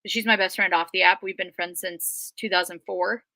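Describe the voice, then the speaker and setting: A woman with a Minnesota accent chats through her story in a loose, rambling way, dotted with ums. Her voice is bright and forward. The recording is dry and close to the mic. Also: lowish voice, fairly even intonation, fairly quick, creaky, no echo. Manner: chatty, rambling, frequent ums. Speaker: guest. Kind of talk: casual livestream storytelling.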